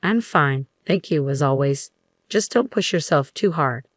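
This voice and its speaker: A woman's voice: low voice, animated, unhurried, no room sound, clean studio sound. A woman voicing a subdued young college son. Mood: apologetic. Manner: quiet, apologetic.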